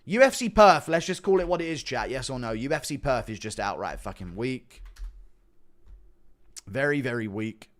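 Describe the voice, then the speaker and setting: A man's voice: medium pitch, lively intonation, moderate pace. Young streamer guy, swears a lot, voice bounces all over, chats with viewers. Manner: swearing, offhand, jumps between voices and topics. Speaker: streamer reacting to chat. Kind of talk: casual livestream chat.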